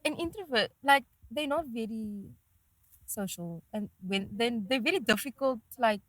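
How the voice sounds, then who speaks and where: A woman's voice: a little high, expressive, normal speed, no room sound, rough recording. A young woman talking casually as a podcast guest, chatty and emphatic, with lots of fillers. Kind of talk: casual chat.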